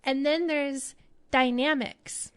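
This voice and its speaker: A woman hosting an acting advice show, talking in a chatty, animated way. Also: sits high, slow pace. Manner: chatty, animated, demonstrates voices. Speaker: podcast host.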